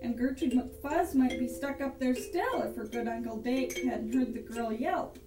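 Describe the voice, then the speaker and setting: A woman reading a rhyming storybook aloud in a sing-song, animated rhythm over improvised music. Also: on the high side, measured pace. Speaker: reader. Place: house room. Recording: echoey room, mic far off, with instrument playing.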